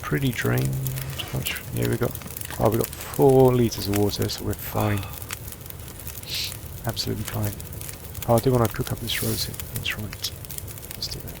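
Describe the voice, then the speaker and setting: A man giving relaxed let's-play commentary, thinking aloud as he sorts through supplies and plans his next move. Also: mid-range voice, moderate pace, gravelly, background noise. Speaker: gameplay commentator.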